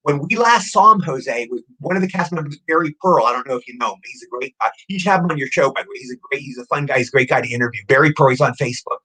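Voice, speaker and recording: A man in his sixties, an actor guest telling rapid, excitable anecdotes in a casual interview, often repeating words as he goes. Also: mid-range voice, low-quality recording. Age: 60s.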